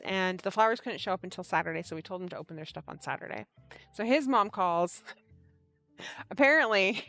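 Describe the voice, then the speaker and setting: On a knitting livestream, a woman with a medium-pitched voice chats casually and tells stories, laughing a lot as she animatedly recounts them. The recording is dry.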